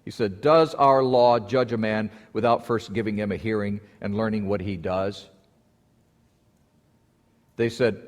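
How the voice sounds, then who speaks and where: A man preaching a sermon, telling a story with lively rises in pitch when he acts out quoted voices. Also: measured pace, long pauses. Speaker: pastor. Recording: long hall reverb.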